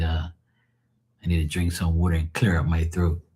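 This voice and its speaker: A man's voice: low-pitched, level tone, normal speed, darkish tone, husky. A man chatting casually on a live stream, telling rambling stories with lots of swearing and chuckles. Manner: profane, storytelling, chuckling.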